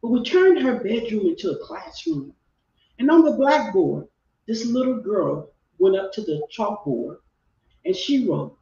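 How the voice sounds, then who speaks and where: A woman's voice: fairly high pitch, lively intonation, unhurried, creaky, mellow. A middle-aged woman from Texas, a life coach guest telling a heartfelt personal story and repeating phrases for emphasis. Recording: roomy, distant, dull video-call audio.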